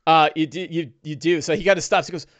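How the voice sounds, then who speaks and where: A man's voice: fairly high pitch, steady tone, fast, a bit bright. A man narrating a tabletop game as game master, rambling with many restarts. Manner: rambling, with frequent fillers and restarts.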